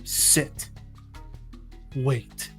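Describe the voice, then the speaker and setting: A man voicing a shadowy male vigilante who speaks in low, terse, hushed lines. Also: fairly even intonation, unhurried, soft background music, lightly acted. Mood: menacing.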